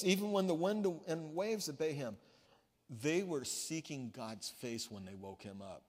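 Man, pastor, sermon, conversational storytelling, slightly high-pitched, reverberant church hall. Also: lively intonation, measured pace. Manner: storytelling, conversational preaching with restarts. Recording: long reverb of a large hall.

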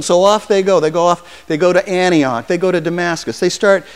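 A man in his sixties preaching a sermon, telling stories in an animated way and acting out voices. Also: high-pitched, brisk, few pauses, smooth. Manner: animated storytelling, acts out voices. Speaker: pastor. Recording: long hall reverb.

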